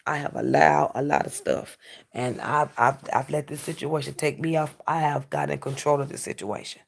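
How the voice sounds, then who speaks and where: A woman's voice: deep voice, animated, normal speed. A woman in a casual vlog monologue, ranting and preaching with plenty of profanity. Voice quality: gravelly. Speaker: vlogger.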